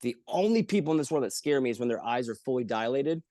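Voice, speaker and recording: A man telling stories in casual chat, lively and profane, acting out the people he quotes. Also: mid-range voice, fast talker, dry recording. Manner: animated, swearing, acts out quotes in voices. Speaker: podcast guest. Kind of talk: casual storytelling.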